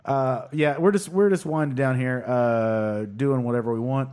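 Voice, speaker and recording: A man hosting a podcast, rambling in a relaxed, casual way and steering the talk. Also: mid-range voice, moderate pace, smooth. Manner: rambling, laid-back, steering the show. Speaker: podcast host. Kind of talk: casual chat.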